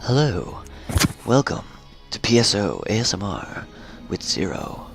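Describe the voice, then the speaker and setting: A man putting on a low, breathy, mock-sultry voice as a joking ASMR host, in whispered role-play. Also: big pitch swings, a little slow, faint music behind, heavily acted.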